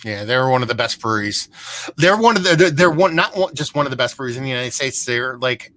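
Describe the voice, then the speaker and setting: A man's voice: mid-range voice, lively intonation, fast talker, pushed and bright, no room sound. A man from Pennsylvania hosting a casual live beer chat, telling a long rambling story with plenty of restarts and swearing. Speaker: beer show host.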